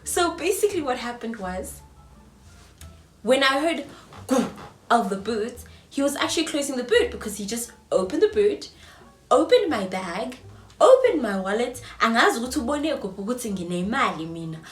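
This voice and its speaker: A young South African woman in her twenties telling a storytime vlog, swinging between loud outbursts and hushed whispers. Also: a little high, big pitch swings, normal speed, faint music behind. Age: 20s. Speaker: vlogger. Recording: roomy echo, mic at a distance, faint ambience.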